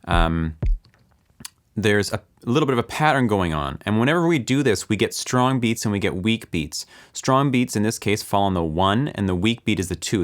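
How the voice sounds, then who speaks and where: Low-voiced man teaching music basics. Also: normal speed. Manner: counts beats aloud in a low, soft voice; explains calmly with filler ums. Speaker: music production instructor. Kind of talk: relaxed screen-recorded lesson.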